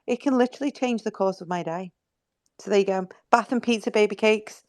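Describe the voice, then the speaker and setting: A woman's voice: medium pitch, brisk, darkish tone, dry recording, studio quality. A woman in a casual group voice chat, talking in a soothing, reassuring way and swearing freely.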